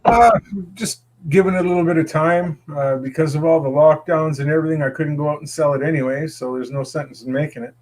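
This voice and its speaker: Halting man with frequent pauses. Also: fairly high pitch, darkish tone, rough recording. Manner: hesitant, halting. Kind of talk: casual chat.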